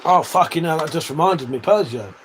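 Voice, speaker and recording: A man chats on his livestream, answering viewers with loose banter, frequent laughter and plenty of swearing. His voice sits a little high and swings widely in pitch. A faint hiss runs under the recording. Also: animated, a little fast, rough recording. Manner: swears a lot, laughs often, banters with chat. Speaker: livestream host. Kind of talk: casual livestream chat reading comments.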